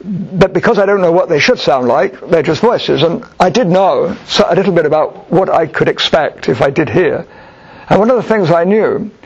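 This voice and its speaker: Husky man telling a story at a talk. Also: fairly high pitch. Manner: thoughtful, halting restarts, explanatory. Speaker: speaker answering audience questions. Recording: dull lo-fi recording.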